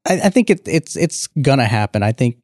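A man co-hosting a casual tech podcast, explaining things in a measured way. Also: medium pitch, very animated, darkish tone, no echo, studio quality. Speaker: podcast co-host.

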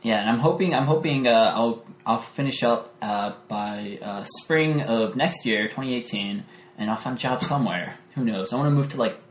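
A man's voice: mid-range voice, moderate pace. Laid-back young man in an echoey room. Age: 20s. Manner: rambling, laid-back, many fillers. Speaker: podcast guest. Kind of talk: casual chat. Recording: echoey room, faint noise.

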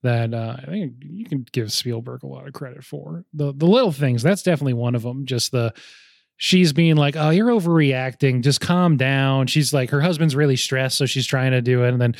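A man's voice: mid-range voice, brisk, creaky, no echo, clean studio sound. A young man in casual film talk with friends, rambling and often laughing as he goes.

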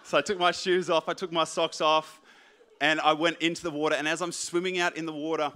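Young male pastor, bright tone, lively self-mocking sermon storyteller. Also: fairly high pitch, brisk, smooth.

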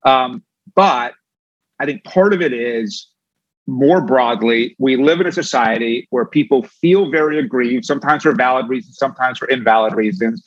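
Fast-talking man with restarts. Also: medium pitch, dry recording, lo-fi sound. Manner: quick, with many restarts. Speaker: guest, former campaign manager. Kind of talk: fast interview talk.

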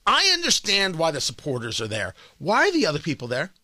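A man's voice: on the high side, huge pitch swings, fairly quick, pushed and bright, dry recording. A man hosting a talk radio show, delivering an emphatic, sarcastic monologue that hammers points through repetition, from a studio microphone. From Indianapolis. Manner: emphatic, sarcastic, repeats phrases for punch.

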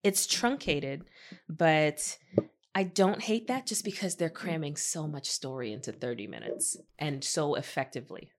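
Woman podcast co-host, low-set and very animated pitch, wry and playful. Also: unhurried. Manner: playful, wry, laughs often. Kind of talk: casual TV recap chat.

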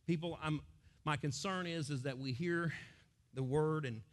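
A middle-aged man from the United States, preaching a sermon as pastor and acting out crowds and quotes in sudden loud bursts. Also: on the high side, unhurried.

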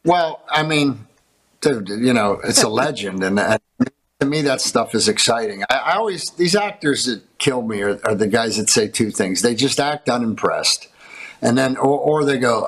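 Animated storytelling man from Pittsburgh. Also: medium pitch, moderate pace, slightly rough, low-quality recording. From Pittsburgh area, USA. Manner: animated storyteller who laughs between lines. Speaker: actor guest. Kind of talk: casual talk-show storytelling.

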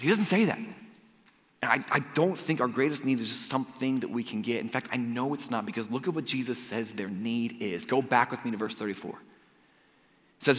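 A male pastor preaching a sermon in a church auditorium, talking in a lively, conversational way and swinging from loud to hushed. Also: medium pitch, normal speed. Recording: long reverb of a large hall.

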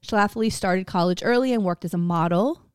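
A woman's voice: medium pitch, fairly quick, clean tone, no room sound, studio quality. A woman co-hosting a podcast, telling a story in a casual, joking and profane way. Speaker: podcast co-host.

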